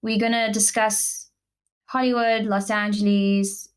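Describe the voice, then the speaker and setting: Young South African woman, podcast co-host, gushing, filler-heavy, casual chat, middle pitch. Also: level tone, measured pace, clear, resonant tone. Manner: chatty, gushing, many "like" fillers.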